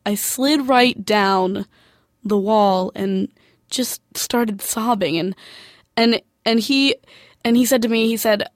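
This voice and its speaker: A woman's voice: fairly high pitch, slow pace, no room sound, clean studio sound. A woman telling, as a parent, of her son coming out, with emotional stammering restarts. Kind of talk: personal storytelling.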